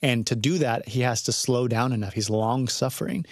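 Man, earnest preacherly delivery, mid-pitched voice, dry close sound. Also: moderate pace, no room sound. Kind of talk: casual faith discussion.

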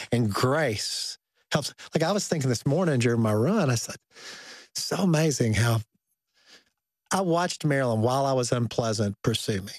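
A man speaking as a guest author on a Christian talk show, earnest and reflective, slowing down on key phrases. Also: medium pitch, no echo.

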